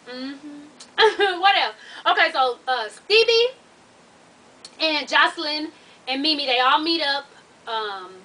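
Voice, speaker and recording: A high-pitched woman with a bright, sharp tone gives a blunt, profane recap of a reality show, full of sassy asides. She talks to her viewers as "y'all" and "honey". Her voice sits a little back from the mic. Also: far from the mic, rough recording. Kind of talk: casual chat.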